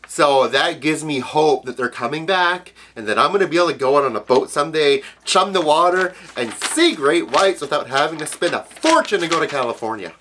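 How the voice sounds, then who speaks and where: A man from Canada's Maritimes ranting profanely in a casual vlog, jumping between loud outbursts and low mutters. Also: brisk, few pauses, noisy background. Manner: profane, animated ranting with sudden pitch jumps. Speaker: video blogger.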